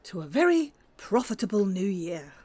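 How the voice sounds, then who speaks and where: A woman's voice: medium pitch, sing-song, normal speed, music in the background, natural voice. A woman playing a cold, miserly businesswoman who talks curtly and scornfully. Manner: curt, snappish and scornful.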